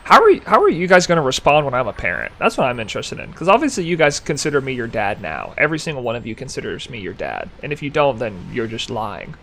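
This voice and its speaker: A man's voice: mid-range voice, wildly swooping pitch, fast talker, hardly any pauses, a bit bright. A young man chatting casually with his live-stream chat, rambling and joking as he reads messages aloud.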